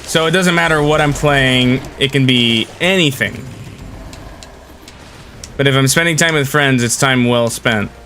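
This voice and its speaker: A young man with a bright, forceful voice talks casually to his viewers as he plays. He rambles along in a friendly, easygoing way, reacting to the game and to chat. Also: medium pitch, a little slow, pauses often, a little hiss or hum. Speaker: game streamer. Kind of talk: casual live-stream chat while gaming.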